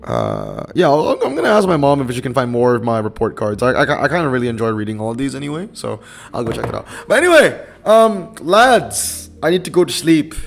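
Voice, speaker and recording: A young male streamer talks through his game session in a relaxed, meandering way and answers his chat as he goes. His medium voice has a gravelly fry to it, and faint music runs in the background. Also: mid-range voice, fairly quick. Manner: rambling, laid-back, reads chat aloud. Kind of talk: casual live-stream chat.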